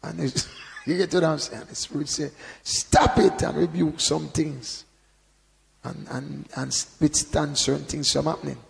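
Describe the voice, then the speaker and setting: A man preaching informally, with a strongly gravelly, creaky voice pitched a little above the usual. He talks conversationally, often adding "you know", then bursts into loud emphasis. A long reverb from the hall trails after his words. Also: level tone, normal speed. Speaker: Bible teacher. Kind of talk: informal sermon.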